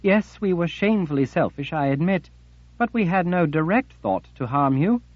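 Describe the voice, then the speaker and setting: A man's voice: fairly high pitch, lively intonation, normal speed, no room sound, muffled recording, pitched above the performer's own voice. A man voicing a frightened woman who pleads in a trembling voice. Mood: pleading.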